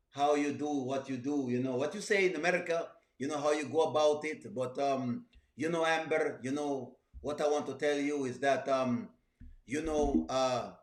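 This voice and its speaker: A man voicing a gentle, smooth-talking foreign suitor who halts on every phrase with "you know" and "um". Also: medium pitch, reverberant, pitched below the performer's own voice, lightly acted. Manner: halting, full of "you know" and "um".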